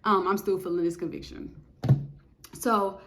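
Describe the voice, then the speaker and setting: A woman giving a casual spoken testimony of faith, telling her story in an animated, emphatic way with lots of repetition. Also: mid-range voice, unhurried.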